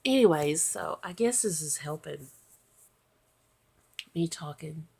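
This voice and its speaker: A tired woman talks slowly to her vlog camera late at night, her voice husky with a gravelly fry. She rambles drowsily and keeps slipping into whispers. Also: low voice, expressive, a little mellow. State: tired and sleepy. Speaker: vlogger. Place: at home in bed at night.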